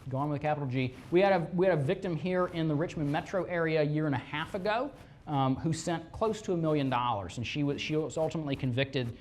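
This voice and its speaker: A police fraud detective giving a lively classroom presentation, firing rhetorical questions at the audience and acting out scammers' lines in quick put-on voices. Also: mid-range voice, slight background noise. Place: presentation room with a live audience.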